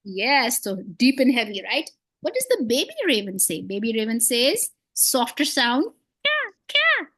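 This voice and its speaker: A woman's voice: fairly high pitch, very animated, normal speed, a bit bright, breathy edge, no echo. A woman teaching beginners to read, patient and encouraging, with playful memory tricks and frequent praise. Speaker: Quran reading teacher. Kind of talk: one-on-one beginner lesson.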